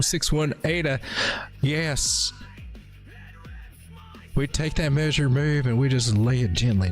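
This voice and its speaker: A man's voice: medium pitch, darkish tone. A man hosting a late-night crypto livestream, casually rambling through chart analysis with playful dad jokes. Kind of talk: casual live market analysis.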